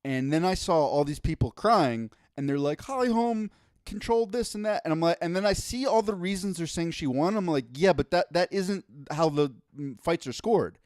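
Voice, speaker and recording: A man's voice: on the high side, moderate pace, hardly any pauses, a little mellow, no echo, studio quality. A man co-hosting a casual podcast, ranting with exasperation and lots of swearing. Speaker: podcast co-host.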